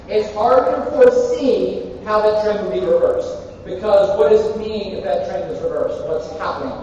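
A man's voice: sits high, a little mellow, a little hiss or hum. A male university professor giving a live lecture, joking irreverently and quizzing his students in a large hall. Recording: echoey lecture hall from far off, dull.

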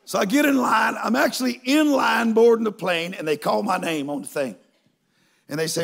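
A man preaching a humorous storytelling sermon to a live congregation in a large church, folksy and emphatic, breaking into shouts. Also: high-pitched, normal speed, vocal fry. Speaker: guest preacher.

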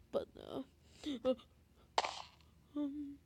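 Brief: woman gamer doing slow, giggly, flustered play commentary, high voice, noisy hiss behind. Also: little pitch movement. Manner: giggly and flustered, many fillers. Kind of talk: gameplay commentary.

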